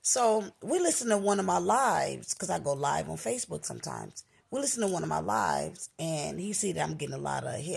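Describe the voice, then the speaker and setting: A woman with a naturally scratchy, gravelly voice, a little low for a woman and noticeably husky. She tells a personal story in a loose, chatty vlog style, and her pitch leaps up when she quotes her own reactions. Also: a little fast, few pauses. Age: adult, married. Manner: animated, jumps up high when quoting herself. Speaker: vlogger. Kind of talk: casual storytelling.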